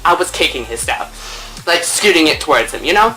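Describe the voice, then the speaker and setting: Speaking fairly quickly over soft music, a young woman shares a casual story to camera from her home. She's a chatty, playful storytime vlogger who swears a lot, uses plenty of fillers, and mimics people's words with big pitch swings.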